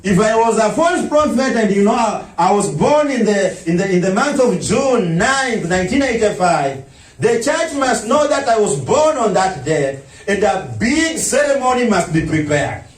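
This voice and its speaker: A pastor preaches a sermon in a very high, animated voice that swings up into shouts and mocking impressions. He sounds set back from the microphone, in an echoey church hall. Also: normal speed. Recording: echoey room, mic at a distance.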